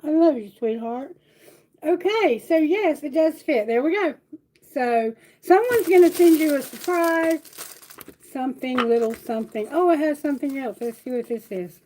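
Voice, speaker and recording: A woman's voice: high voice, lively intonation, moderate pace, mellow, a little hiss or hum, poor audio. A woman reading tarot on a casual livestream, chatty and affectionate, talking to her viewers. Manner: chatty, affectionate, sings song lyrics herself. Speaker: tarot reader.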